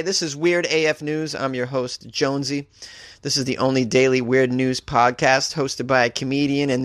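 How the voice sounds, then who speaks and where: A male comedian hosts a daily news podcast, reading stories and then cracking wry jokes about them. His voice is mid-pitched and jumps high for a punchline. The sound is dry and close, with no room around it. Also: flat delivery, normal speed, a bit bright, dry recording. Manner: wry, joking asides with sudden pitch jumps.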